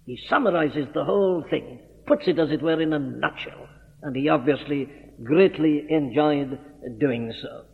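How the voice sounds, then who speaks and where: A man's voice: on the high side, normal speed, gravelly. A man preaching an expository sermon, emphatic and earnest, stressing and repeating key words. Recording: old lo-fi hall recording.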